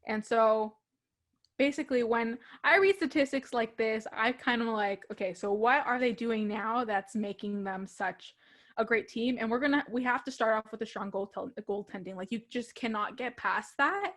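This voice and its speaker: A woman's voice: a little high, moderate pace, a bit bright. A young woman co-hosting a casual hockey talk show, chatty and laughing often. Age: young adult. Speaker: co-host.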